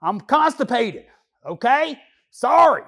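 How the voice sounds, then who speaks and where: Man voicing a lazy slacker mechanic, squeaky high voice, gravelly fry, rambling slangy talk, comedy character. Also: sing-song, slow pace, fairly bright tone, heavily acted. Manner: rambling, slangy, joking, loose grammar. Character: lazy slacker male car mechanic, proud of dodging work. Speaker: auto mechanic.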